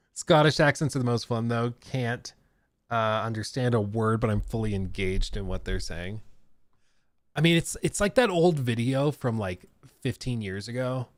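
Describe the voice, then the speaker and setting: A man chats casually on a gaming livestream, rambling and laughing as he answers chat. His voice is mid-pitched and recorded close and dry. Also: measured pace, long pauses, dry recording. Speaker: gaming streamer.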